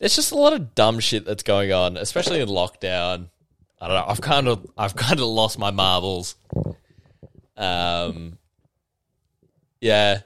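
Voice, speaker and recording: Lively tipsy podcast host ranting. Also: male voice, lowish voice, smooth, dry recording. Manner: animated, swearing, mocking impressions. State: a bit tipsy. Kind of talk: casual solo podcast rant.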